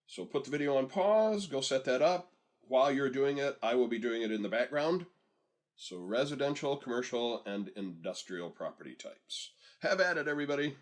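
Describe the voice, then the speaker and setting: A man in a mid-range voice gives a screen-recorded software lesson. He talks steps through in an easy, conversational way and stops now and then to let learners follow along. It sounds like a desktop microphone. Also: mid-range voice, expressive, normal speed. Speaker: software instructor.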